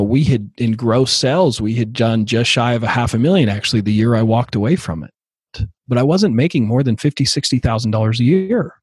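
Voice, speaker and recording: Husky man telling his story. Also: medium pitch, no room sound. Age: 30s. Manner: halting, many fillers and restarts. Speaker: podcast guest. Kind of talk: casual interview storytelling.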